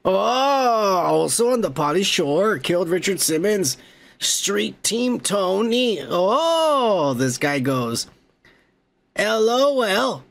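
A middle-aged man with a fairly high, gravelly voice hosts a podcast and reads out viewer comments. He talks in a loose, profane, joking way and breaks off to shout cheers to viewers. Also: very animated, slow pace. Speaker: podcast host. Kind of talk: casual comment-reading chat.

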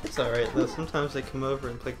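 A man's voice: medium pitch, fairly even intonation, fast. A man playing a golf video game with friends, rambling and joking in a mock-philosophical way. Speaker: let's play commentator. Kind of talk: casual gaming banter. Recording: game music behind.

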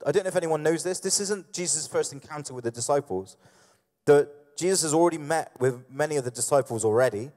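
Chatty preacher in a reverberant hall. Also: male voice, on the high side, fast talker, a little mellow. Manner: conversational, many fillers and restarts, acts out scenes. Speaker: pastor. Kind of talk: sermon. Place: church hall.

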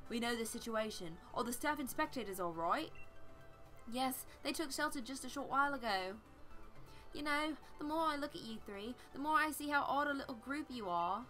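A woman voicing a confident female video game gym leader in a brisk, upbeat way. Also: high voice, animated, sharp tone, faint music behind.

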